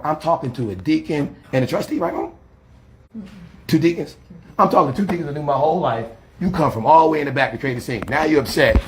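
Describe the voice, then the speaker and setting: Pleading with older women, a street preacher with a medium-pitched, fairly bright voice argues on a phone camera. The heated confrontation shows him agitated, defensive and rambling.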